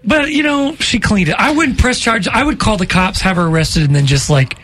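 A man co-hosting a morning radio show, easygoing and quick to laugh along in casual banter. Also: sits high, expressive, a bit bright, soft background music. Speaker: radio co-host.

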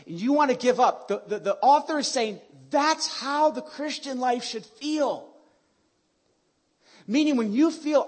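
A man's voice: sits high, animated, a little fast, breathy edge. A man in his thirties or forties preaching a sermon in a conversational, playful way, calling on the audience to answer back. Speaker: pastor.

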